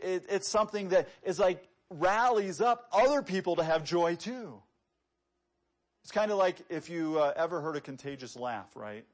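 A man with a high-pitched voice delivers a sermon. He talks easily with his listeners and throws rhetorical questions at them. When he reads scripture, his emphasis builds. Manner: conversational, quoting scripture with rising emphasis; asks the congregation rhetorical questions. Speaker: preacher.

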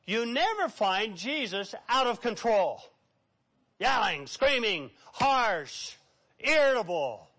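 A man's voice: sits high, very animated, takes it slowly, bright, forceful tone, slightly rough. A man preaching a sermon, reading scripture aloud and acting out quotes with a dramatic, preachy delivery. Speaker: pastor.

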